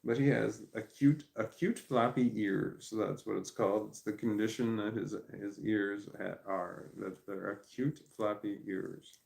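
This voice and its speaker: A man's voice: fairly low pitch, fairly even intonation, unhurried, creaky, few pauses, a little mellow, echoey room. A man chatting casually at home in a meandering, stammering way, talking to his dog and reading messages aloud. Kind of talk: rambling casual livestream chat. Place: at home indoors.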